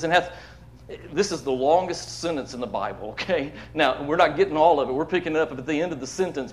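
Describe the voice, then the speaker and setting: A man preaching a sermon to his church, emphatic, swinging between loud declarations and hushed asides, often repeating words. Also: on the high side. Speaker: pastor. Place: church sanctuary.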